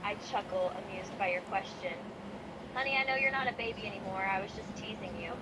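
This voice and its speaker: A woman's voice: mid-range voice, fairly quick, very noisy, lightly acted. A synthetic woman's voice playing a playful female wrestler chatbot who narrates her own actions and calls the listener sweetheart. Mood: teasing affectionate.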